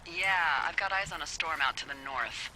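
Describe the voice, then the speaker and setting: A woman's voice: deep voice, moderate pace, sharp tone, poor audio. A woman playing a wry, sarcastic fire lookout supervisor who talks over the radio in a video game. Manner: teasing, sarcastic, dry. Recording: game audio with background noise.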